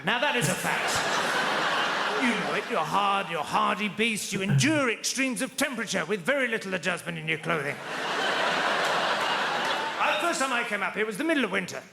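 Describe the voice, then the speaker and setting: A man doing stand-up with an educated southern English accent and a dry, deadpan, self-deprecating delivery. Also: sits high, gravelly, heavy background noise. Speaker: stand-up comedian. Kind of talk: stand-up routine. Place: large theatre with live audience. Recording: echoey theatre with loud crowd laughter.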